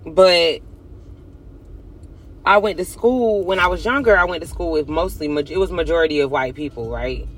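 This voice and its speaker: A man's voice: on the high side, normal speed, fairly bright tone. A man talking casually to his viewers in a blunt, profane, emphatic confessional monologue. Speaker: vlogger.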